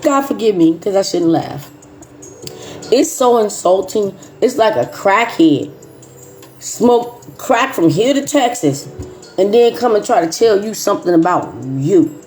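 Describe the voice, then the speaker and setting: A middle-aged woman talks straight to her listeners, emphatic and repetitive, often sinking into low, quiet asides. Her voice sits at an ordinary pitch for a woman, and faint music plays under her. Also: animated, measured pace. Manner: emphatic, repeating phrases, dropping to low asides. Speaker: host. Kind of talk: casual chat.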